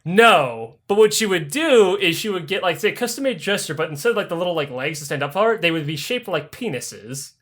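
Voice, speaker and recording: A young man tells history as a crude, rowdy comedy bit, cursing in nearly every sentence. His voice sits high and swings widely up and down as he talks. He acts out the people in the story as he goes. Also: brisk, hardly any pauses. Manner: animated, swears constantly, acts out voices mid-story. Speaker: podcast host.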